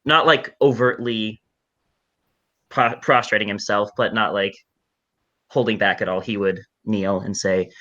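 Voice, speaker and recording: A man describes his character's actions slowly and thoughtfully, often stopping on fillers. His voice is lowish but bright and forceful. The sound comes through a dull, lo-fi microphone. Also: steady tone. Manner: hesitant, thoughtful narration full of fillers. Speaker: player. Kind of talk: playing a tabletop game.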